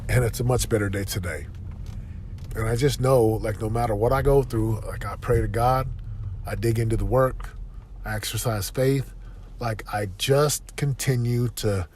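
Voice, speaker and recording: A man's voice: medium pitch, moderate pace, darkish tone, a little hiss or hum. A tired man giving an earnest, upbeat motivational talk while driving, often repeating phrases. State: tired, yawning. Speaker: podcast host. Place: inside a moving car.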